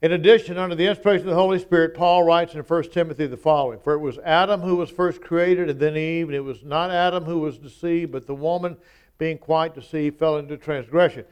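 Emphatic man preaching, smooth voice. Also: a little high, fairly even intonation, fairly quick, darkish tone, lo-fi sound. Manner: emphatic, conversational preaching with acted-out quotes. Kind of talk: sermon.

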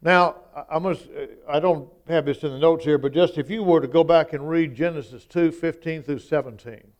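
A male preacher delivers a sermon in a clear, resonant voice that sits a little high. He talks conversationally but drives points home with strong emphasis, acting out quoted lines as he goes. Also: moderate pace.

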